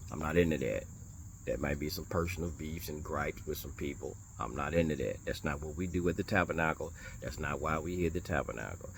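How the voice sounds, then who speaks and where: A minister talking casually to viewers about his beliefs, animated and blunt, repeating phrases for emphasis and throwing in curses and rhetorical challenges. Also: extremely low pitch, brisk, gravelly, a little hiss or hum. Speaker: minister of a small congregation. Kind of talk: casual religious talk to viewers.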